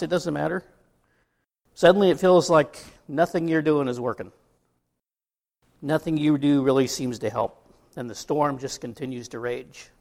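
A middle-aged male pastor from the United States delivers a sermon in a relaxed, talky manner. His voice sits a touch higher than most men's and carries a gravelly edge. He keeps asking the congregation questions as he goes. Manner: conversational preaching with asides and rhetorical questions.

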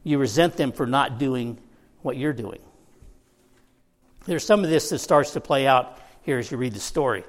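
A man's voice: medium pitch, animated, moderate pace, long pauses. A man preaching a conversational sermon as pastor, with joking asides to the congregation.

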